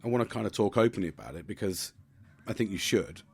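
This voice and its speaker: A man's voice: lowish voice, fast talker, gravelly, darkish tone, slightly rough. A man, the host of a podcast, talking through a casual reflective monologue, chatty and swearing freely, often asking "do you know what I mean".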